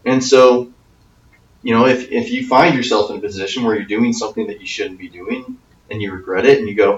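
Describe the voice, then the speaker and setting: A man's voice: on the low side, steady tone, fairly quick, dull audio. A man as youth pastor giving a conversational talk to teens, often checking in with "okay?". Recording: echoey room, from a distance.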